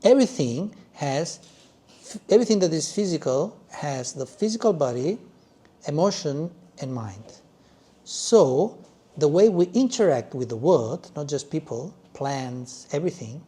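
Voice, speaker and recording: A male yoga teacher leading a class in an animated way, with halting phrasing and frequent "yes?" check-ins. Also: mid-range voice. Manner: loose, halting phrasing with restarts.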